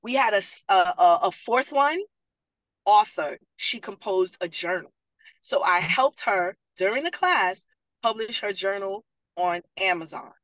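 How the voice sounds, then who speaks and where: In a casual panel talk, a parent liaison and program graduate animatedly tells stories and acts out what people said. Her pitch is medium and her pace measured, in a dry, low-quality recording.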